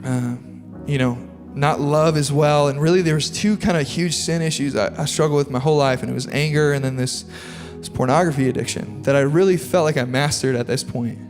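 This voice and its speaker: Young man, pastor, earnest confessional sermon, somewhat high voice, long hall reverb, soft music underneath. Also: brisk, hardly any pauses. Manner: earnest, confessional, builds to impassioned preaching. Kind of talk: sermon with personal story. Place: large church auditorium.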